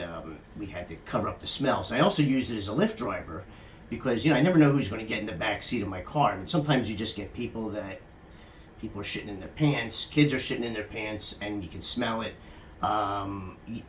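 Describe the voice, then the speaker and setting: A man talks in a loose, crude, joking ramble, often turning to the person filming him. His pitch jumps around a lot as he goes. The room rings with echo and a faint hiss sits underneath. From California. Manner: rambling, crude and jokey, often addressing the camera operator by name. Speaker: psychotherapist giving a comic talk. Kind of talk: casual comic monologue to the camera operator.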